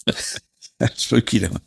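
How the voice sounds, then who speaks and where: A middle-aged man with a Cockney accent, co-hosting a casual podcast with his son and answering in short, agreeable replies. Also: takes it slowly. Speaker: co-host, father.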